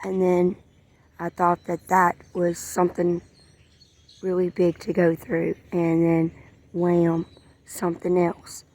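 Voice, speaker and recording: A woman talks slowly and earnestly in a faith vlog. Her voice sits low, and she often repeats phrases or lets them fade to a whisper. Birdsong and outdoor sounds carry behind her. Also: monotone, darkish tone. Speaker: vlogger. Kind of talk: emotional faith-sharing vlog.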